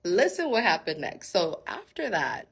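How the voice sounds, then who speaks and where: A woman giving a casual, animated Bible-story sermon. She laughs often and talks straight to her viewers. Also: on the low side, normal speed, gravelly, slightly rough. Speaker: faith speaker.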